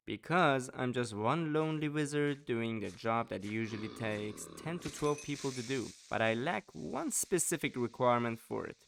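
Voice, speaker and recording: A man's voice: mid-range voice, fairly bright tone, slight background noise. A man hosting a let's play, doing a scripted voice-over in a playful, theatrical wizard persona full of puns.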